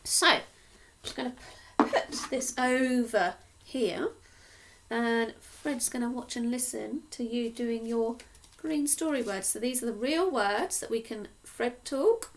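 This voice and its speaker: Slow, gravelly-voiced woman teaching phonics. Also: fairly high pitch, a little hiss or hum. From Cornwall. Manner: slow, sing-song teacher talk, sounding out letters. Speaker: primary school teacher. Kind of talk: phonics lesson for young children.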